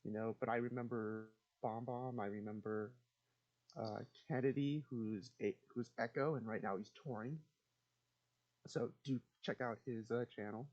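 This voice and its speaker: A man's voice: mid-range voice, fairly even intonation, moderate pace, darkish tone. A young man telling rambling stories in a casual chat, laughing and swearing as he goes, on a dull lo-fi recording. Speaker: guest answering questions.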